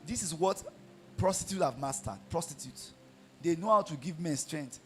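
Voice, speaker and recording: High-voiced emphatic preacher. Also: male voice, lively intonation, moderate pace, faint music behind. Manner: emphatic, repetitive, call-and-response. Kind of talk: sermon.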